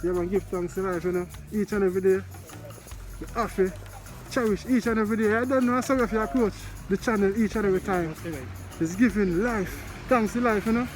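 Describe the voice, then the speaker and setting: Jamaican male vlogger, rambling and repetitive, high-pitched, light music bed. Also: steady tone, a little fast. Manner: rambling, repetitive greetings to viewers. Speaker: vlogger commenting on news. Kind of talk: casual spoken commentary.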